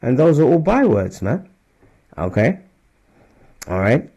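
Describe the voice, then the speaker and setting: A religious teacher with a medium-pitched, sing-song voice speaks slowly, his tone dark with a breathy edge. He gives informal scripture teaching, loose and conversational, checking in with "all right?" and "man" and raising his voice when reading verses aloud.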